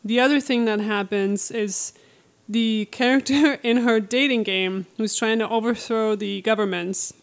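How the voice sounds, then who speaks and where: A woman co-hosting a casual book chat, telling the plot with lively acted-out quotes. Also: a little high, measured pace, few pauses. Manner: animated storytelling, acts out lines in quotes. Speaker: podcast co-host recapping a book.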